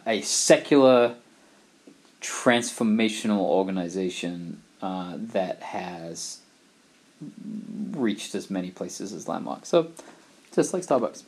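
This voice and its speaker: A middle-aged man from England, talking in a wry, rambling, digressive monologue. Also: lowish voice. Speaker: vlogger. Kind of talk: casual monologue.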